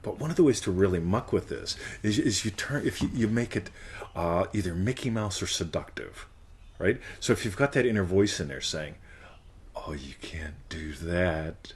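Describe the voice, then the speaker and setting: A playful man with a low voice hosts a live Q&A. His pitch swings widely as he jokes, laughs and keeps checking in with "right?", often breaking into silly put-on voices. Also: lively intonation, fairly quick, husky. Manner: slips into silly character voices. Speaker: host of live Q&A. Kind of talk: casual coaching talk.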